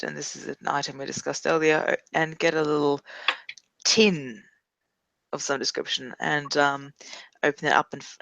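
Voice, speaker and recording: A woman's voice: deep voice, gravelly, fairly bright tone, no echo. A woman playing a tabletop role-playing game, describing her character in a wry, matter-of-fact way. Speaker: player.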